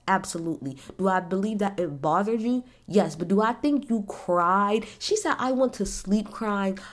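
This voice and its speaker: Blunt, animated woman recapping reality TV. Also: on the low side. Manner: blunt, animated, swears freely, talks straight at the people she discusses. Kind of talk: casual opinionated recap.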